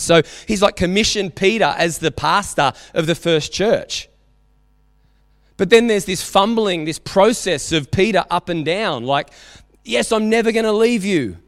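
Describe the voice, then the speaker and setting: A man with an Australian accent preaching a sermon as pastor, telling stories with animated, acted-out quotes. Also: on the high side, no room sound, studio quality, in a large hall. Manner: animated storytelling, acting out quotes. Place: church hall.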